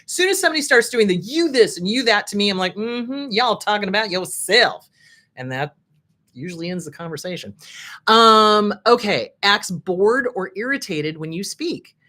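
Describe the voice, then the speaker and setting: A woman's voice: medium pitch, animated, moderate pace, pushed and bright. A middle-aged woman therapist hosting a casual advice talk, frankly riffing on a list she reads out. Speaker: host, therapist.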